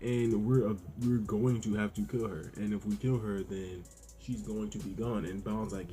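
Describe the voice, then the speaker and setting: A young man giving a casual, excitable manga review, slangy and profane, acting out the characters' lines as he retells the chapter. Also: lowish voice, normal speed, faint music behind. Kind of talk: casual reaction commentary.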